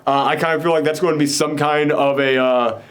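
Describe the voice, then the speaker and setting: A man's voice: a little high, fairly even intonation. A man casually recapping a TV episode with a co-host, rambling with many fillers. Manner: rambling, filler-heavy, quick mock voices for characters. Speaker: podcast co-host.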